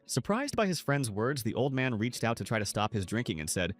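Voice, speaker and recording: A man narrating a scripted story recap in a steady storytelling manner. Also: mid-range voice, quick pace, hardly any pauses. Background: soft music.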